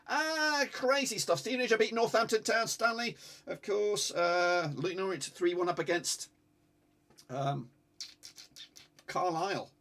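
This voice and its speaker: A man calls a football match live for his stream, swinging from muttered asides to excited shouts and swearing freely. His voice sits high for a man and sounds bright and sharp. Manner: excitable, swears, urges viewers to like. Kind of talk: live watch-along commentary.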